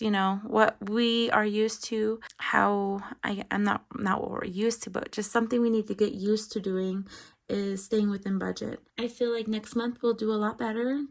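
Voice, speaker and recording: A woman with a raspy voice chatting casually while counting cash at home at night, apologetic and a little out of breath. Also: medium pitch. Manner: apologetic, rambling, counts money aloud. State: slightly out of breath. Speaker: budgeting channel host.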